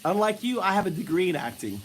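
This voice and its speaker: A man with a high, light voice chats casually and teasingly with a stranger. He pushes buttons on purpose and laughs easily. A faint hiss sits under the recording. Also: big pitch swings, quick pace. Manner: teasing, provocative, laughs often. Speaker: streamer chatting with strangers. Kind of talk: casual chat.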